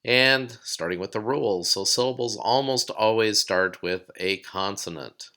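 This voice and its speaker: A man giving a recorded lesson, explaining steps calmly and sounding out words slowly. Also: fairly low pitch. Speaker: teacher.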